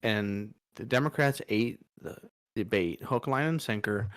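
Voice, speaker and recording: A man with a lowish voice gives a frustrated political opinion on a podcast, pressing each point hard. The sound is dry and close. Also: a little slow, fairly bright tone, no room sound. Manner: frustrated, emphatic, mocking quotes. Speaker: podcast co-host.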